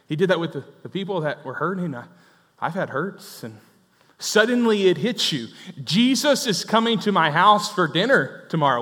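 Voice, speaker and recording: A man's voice: sits high, a bit bright. A man preaching a sermon as pastor, telling a story conversationally and acting out the dialogue. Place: church. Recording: echoey church hall.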